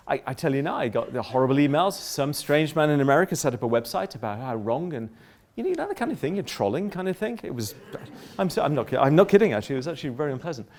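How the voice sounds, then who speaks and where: A middle-aged man giving a public lecture, polemical and lively, often breaking off into asides and restarts. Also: on the high side, quick pace. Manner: animated, polemical, self-interrupting with asides.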